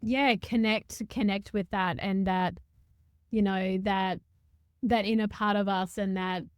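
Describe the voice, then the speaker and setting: A woman's voice: mid-range voice, fairly even intonation, measured pace, smooth, dry recording, studio quality. A woman hosting a spiritual podcast, talking reflectively and searching for words with many restarts. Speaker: podcast host. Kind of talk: reflective conversational podcast talk.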